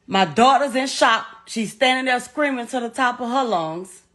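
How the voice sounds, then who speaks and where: A woman's voice: on the high side, animated, moderate pace, a bit bright. A middle-aged woman giving a personal account in an interview, talking bluntly and emotionally, with swearing and frequent repetition. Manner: emotional, blunt and profane, repeats herself as she recounts.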